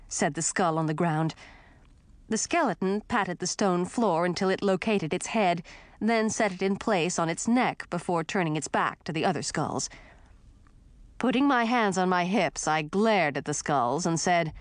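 A woman reading a fantasy story aloud as narrator, in a clear storytelling read. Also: on the low side, unhurried, no room sound. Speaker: audiobook narrator. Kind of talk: scripted narration.

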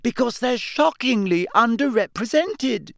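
Man voicing a bossy teenage schoolgirl, raised pitch, brisk and insistent, lively, dry studio sound. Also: dry recording. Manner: brisk, insistent, talks over others. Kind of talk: audiobook character voice.

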